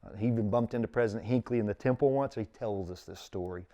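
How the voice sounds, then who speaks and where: A man's voice: on the low side, quick pace, mellow. A middle-aged man, telling his story in casual conversation as an interview guest and acting out quotes with big jumps in his voice.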